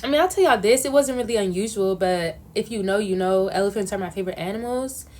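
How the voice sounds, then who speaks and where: A young woman answering questions in a casual vlog, telling stories in an animated, slangy way. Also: mid-range voice, fast talker. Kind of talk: casual chat.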